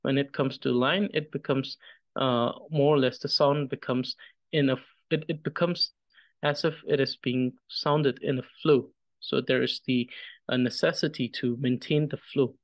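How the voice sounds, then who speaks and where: A man teaching a reading lesson, patient and measured, demonstrating pronunciation slowly syllable by syllable. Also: mid-range voice, steady tone, no room sound. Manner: careful, measured, pauses after each syllable when demonstrating. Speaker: Tibetan language teacher.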